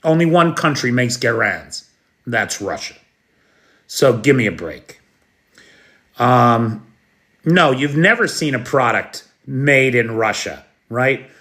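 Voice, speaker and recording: Slow, blunt American male news host. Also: medium pitch, animated, a bit bright. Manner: blunt, sarcastic, occasionally swearing; talks to live chat viewers. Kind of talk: unscripted live news commentary.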